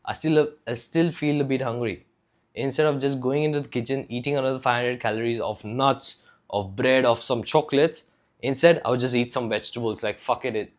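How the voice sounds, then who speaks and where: A young man from India talks straight to camera in a loose, rambling vlog. His voice sits at an ordinary middle pitch, and his talk runs on filler words and casual swearing. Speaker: fitness vlogger.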